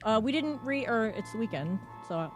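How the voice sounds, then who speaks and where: A woman's voice: a little high, lively intonation, brisk, music in the background. A woman co-hosting a sports radio talk show, chatty as she relays a listener's story.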